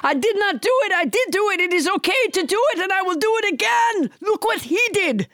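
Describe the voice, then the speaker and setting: A woman voicing a belligerent, pompous male politician in a put-on French accent, declaring things loudly. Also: very high voice, animated, a little fast, no room sound, studio quality, voice pushed up. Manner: pompous, shouting proclamations, laughing.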